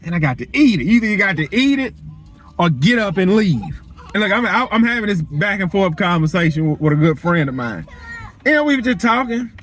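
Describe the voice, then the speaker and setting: A man's voice: high voice, brisk. A man talking to camera in a casual, preachy, colloquial way. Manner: animated, preachy, colloquial storytelling. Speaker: vlogger.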